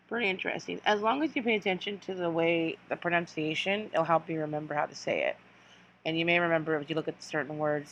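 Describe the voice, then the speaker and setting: A woman teacher giving a recorded lesson for children, speaking slowly and patiently and repeating words for students to follow. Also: lowish voice, a little hiss or hum.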